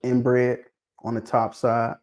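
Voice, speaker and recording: A mid-pitched man speaks in on a casual livestream. He is lively and keeps pressing his audience with repeated questions. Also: slow. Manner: animated, prodding viewers with questions, repeats himself. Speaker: livestream host discussing dog pedigrees.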